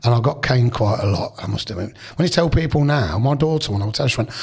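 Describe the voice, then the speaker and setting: A middle-aged man, guesting on a podcast and spinning rambling, animated stories. He trips over his own restarts and slips into voices for the people he quotes. His tone is husky, with a mid-range pitch. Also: fast talker, few pauses. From Leicester, England. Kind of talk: casual storytelling interview.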